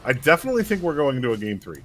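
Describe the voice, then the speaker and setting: A man's voice: mid-range voice, very fast. A man co-casting an esports match, giving play-by-play commentary in a joking, easygoing way. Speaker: esports co-caster. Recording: steady background noise.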